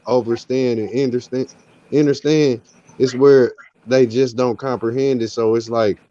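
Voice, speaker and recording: A man's voice: mid-range voice, warm tone. A man in a casual group chat, talking emphatically in slang and repeating himself. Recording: dull lo-fi stream audio.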